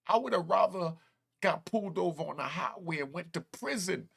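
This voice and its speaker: A man in his fifties with a gravelly, husky voice that sits a little high for a man. He tells a raw, emotional personal story in casual street slang, close to tears. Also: expressive, normal speed, a bit bright. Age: 50s. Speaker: host telling his story.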